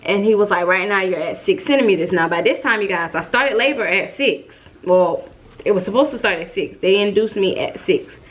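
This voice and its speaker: A young woman telling a storytime vlog, chatty and lively, calling her viewers y'all. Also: mid-range voice, normal speed. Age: young adult. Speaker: vlogger.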